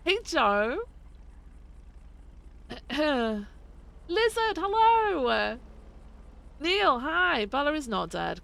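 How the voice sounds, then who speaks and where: Gravelly bright-voiced woman streamer. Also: high voice. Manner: swears freely, greets chat one by one. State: feels she is losing her voice. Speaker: streamer playing a police lieutenant. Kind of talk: casual live-stream chat and role-play.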